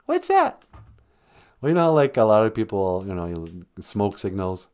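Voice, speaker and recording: A man's voice: fairly low pitch, wildly swooping pitch, normal speed, pauses often, darkish tone. A man hosting a live-stream podcast, chatting casually in a rambling way and laughing often. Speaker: podcast host.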